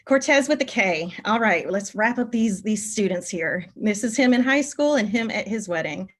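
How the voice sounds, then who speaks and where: A middle-aged woman, a teacher giving a conference keynote, telling personal stories about her students in an animated, emotional way. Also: medium pitch, normal speed. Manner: animated, emotional storytelling, voice rising when moved.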